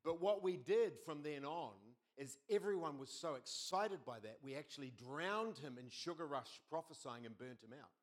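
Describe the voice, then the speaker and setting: A middle-aged man preaching a sermon as pastor, telling stories with lively quoted voices. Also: on the high side, moderate pace, hardly any pauses. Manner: animated storytelling with quoted voices.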